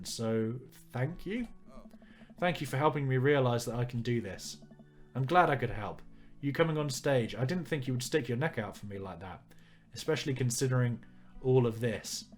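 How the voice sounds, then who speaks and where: Man narrating a visual novel on stream, wry and low-key, faint music behind. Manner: wry, joking asides. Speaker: let's player. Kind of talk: reading a visual novel aloud with commentary.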